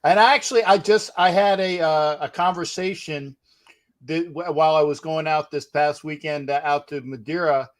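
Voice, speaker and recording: Brief: male talk-show host, slightly high voice, loose and halting chat with many restarts. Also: fairly even intonation. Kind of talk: casual interview chat.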